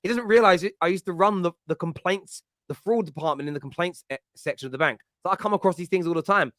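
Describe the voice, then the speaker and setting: A man's voice: high voice, fast talker, a bit bright, dry recording, clean studio sound. A man, hosting a casual football chat and telling rambling, jokey stories. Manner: chatty, rambling, jokey storytelling. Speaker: podcast host.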